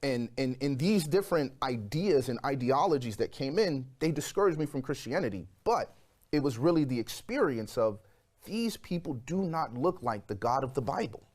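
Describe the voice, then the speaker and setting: Animated man telling a personal testimony. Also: mid-range voice, normal speed. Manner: animated storyteller, acts out quoted voices. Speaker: guest.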